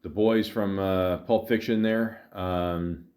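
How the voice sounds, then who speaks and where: A tired man hosting a podcast, telling a long rambling story with lots of fillers, restarts and deadpan asides. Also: deep voice, slow. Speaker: podcast host. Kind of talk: rambling comedic monologue.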